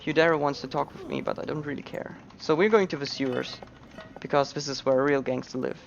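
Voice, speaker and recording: A man's voice: a little high, a little fast, creaky, dull audio, a little hiss or hum. A man giving casual, joking commentary on a speedrun into a headset. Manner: relaxed, joking asides.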